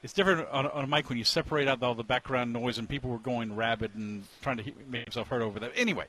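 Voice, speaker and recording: A man talking as a sports columnist in a relaxed conversation, offering candid opinions. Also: medium pitch, fast. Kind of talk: casual conversation as a guest.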